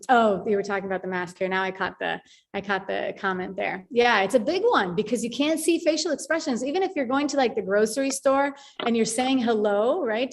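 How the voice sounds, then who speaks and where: A woman hosting a live online group call, talking in a chatty, animated way with many fillers and restarts. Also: a little high. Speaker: call host.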